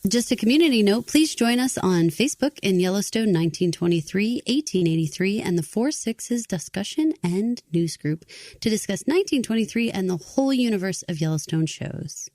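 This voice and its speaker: A woman's voice: mid-range voice, moderate pace, no echo. Chatty woman co-hosting a TV podcast. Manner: expressive, chatty, uses many fillers like 'like'. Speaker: podcast co-host. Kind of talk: casual TV recap chat.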